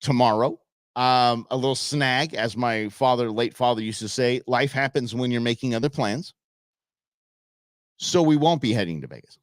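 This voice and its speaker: A man's voice: mid-range voice, moderate pace, no echo. A middle-aged man hosting a live outdoors show from his desk, telling stories in a casual monologue and acting out what people said. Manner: animated storyteller acting out quotes. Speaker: show host. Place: home studio at a computer.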